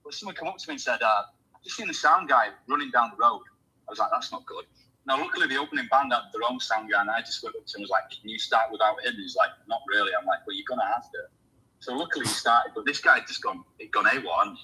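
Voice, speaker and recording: A man's voice: medium pitch, quick pace, husky, poor audio. A man hosting a casual chat, telling a story and acting out what people said. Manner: animated storyteller, acts out quoted voices. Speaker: host.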